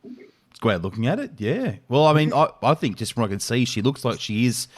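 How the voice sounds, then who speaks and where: A man's voice: medium pitch, sing-song, fairly quick. Laughing male podcast host. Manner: laughs often, rambling and friendly. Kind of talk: casual film chat.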